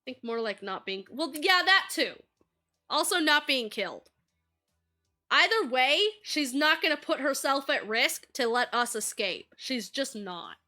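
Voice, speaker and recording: A woman streamer commenting casually on a dating game, animated and reacting out loud, swearing freely. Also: high voice, unhurried, soft background music.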